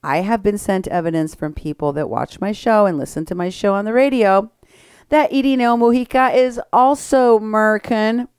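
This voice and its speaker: A woman hosting an opinionated political commentary show, talking briskly and sarcastically and laughing at her targets. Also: mid-range voice, darkish tone, smooth, dry recording, clean studio sound.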